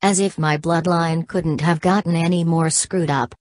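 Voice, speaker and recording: Cold young guy villain, bragging, read by a woman, low voice, dry sound. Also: steady tone, moderate pace, darkish tone, no echo, lightly acted. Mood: cold, taunting. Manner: reads punctuation marks aloud.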